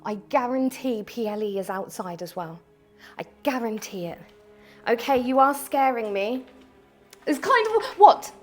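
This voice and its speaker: A woman vlogging a ghost hunt in an abandoned house, talking to spirits, jumpy and swinging from hushed to loud. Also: fairly high pitch, normal speed, faint music behind. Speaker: paranormal vlogger. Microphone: small mic on the camera.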